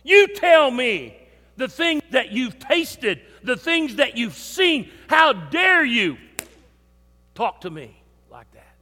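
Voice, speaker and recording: Preacher putting on stern, deep voice of God. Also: male voice, big pitch swings, pushed and bright, full character voice. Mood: rebuking. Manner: slow, commanding, scolding. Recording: long church reverb.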